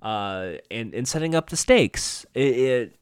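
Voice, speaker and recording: A man in an average pitch talks through a TV episode in a casual, meandering way. He stumbles, corrects himself and drops the odd curse as he goes. The sound is close and dry, with no room echo. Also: animated, a little slow, smooth. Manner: rambling, self-correcting, offhand swearing. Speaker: TV episode recapper. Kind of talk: casual spoken recap and review.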